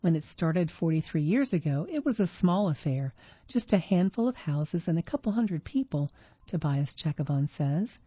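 A woman reading magazine articles aloud in an unpolished way, correcting herself and pausing with fillers, on a dull lo-fi recording. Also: fairly low pitch, animated, warm tone, husky, no room sound.

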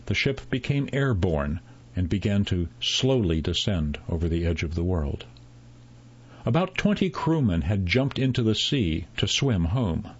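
A man narrates a story at a slow, deliberate pace, his voice low and a little husky. The recording sounds slightly dull and lo-fi. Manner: measured, unhurried storytelling with voiced dialogue.

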